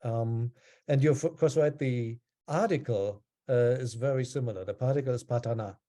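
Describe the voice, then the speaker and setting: A man leads an online class over a video call, explaining things calmly and stopping often for ums. His voice is mellow and dark, at a middle pitch. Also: normal speed. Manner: relaxed, explanatory, with frequent ums. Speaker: teacher.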